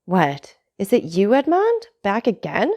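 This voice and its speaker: A woman voicing an envious male tailor neighbor with a glib, ingratiating manner, in an audiobook reading with a gravelly tone. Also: mid-range voice, sing-song, moderate pace, darkish tone.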